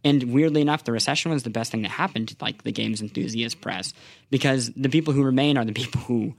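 A man's voice: mid-range voice, fast, vocal fry, dry recording. A man talks earnestly in casual podcast chat, his voice sitting in the middle range. He speaks in long, winding runs that often restart and repeat words. The studio mic is dry and close, with no room sound. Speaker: games journalist and podcast guest.

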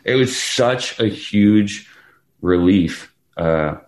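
A deep-voiced man talks loosely as an interview guest. He tells his stories with plenty of restarts and laughter. Now and then he acts out what other people said. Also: extremely slow. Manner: animated storyteller, acts out quotes, laughs often, many restarts. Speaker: actor guest. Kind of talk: casual interview chat.

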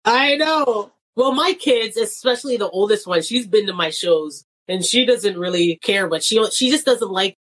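A woman's voice: medium pitch, lively intonation, moderate pace, few pauses, fairly bright tone. A middle-aged woman comedian talking casually in an interview, chatty, often laughing and acting out quoted voices. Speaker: guest comedian.

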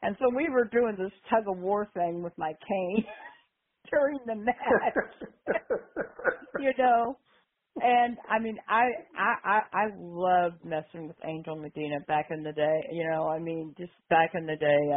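An older woman caller from Arkansas, telling animated stories on a phone-in show, laughing often and acting out the people she quotes. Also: lowish voice, a little slow. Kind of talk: casual phone-in storytelling. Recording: tinny phone line.

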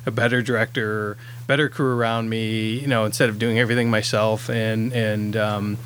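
A man's voice: lowish voice, level tone, normal speed, fairly bright tone, a little hiss or hum. A man who directs independent films, talking in a casual podcast chat, rambling with lots of fillers and restarts.

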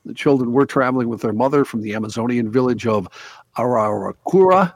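A man's voice: mid-range voice, a little fast. A man hosting a casual talk radio show, reading news stories aloud and then chatting about them with his co-hosts. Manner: reads news items then chats loosely.

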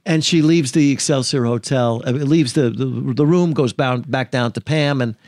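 Male lawyer guest, mid-pitched, pausing on fillers as he tells his story; dead, dry room. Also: darkish tone, no room sound. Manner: halting, many filler sounds and restarts. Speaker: attorney and interview guest. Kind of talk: storytelling in a podcast interview.

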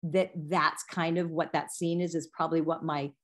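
A woman in her forties with a fairly low voice, talking as a guest on a podcast. She rambles warmly through side stories and throws in quick, high-pitched impressions of the people she quotes. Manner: lively storyteller who acts out quotes in sudden high voices. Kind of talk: casual conversation.

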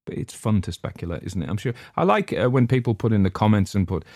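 A man's voice: lowish voice, animated, fast talker, few pauses, darkish tone, no echo, clean studio sound. An older man hosting a podcast, chatting casually in a rambling, hesitant way with plenty of ums. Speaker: podcast host. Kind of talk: casual chat.

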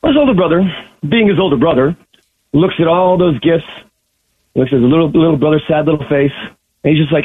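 A man calling in to a radio show, telling a long, drawn-out joke in a casual way. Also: a little high, breathy edge, dry recording. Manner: drawn-out storyteller. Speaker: caller. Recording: tinny phone line.

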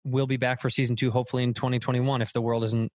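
Man, comedian guest, casual podcast chat, loose and animated, dry close sound. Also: mid-range voice, very fast, dry recording.

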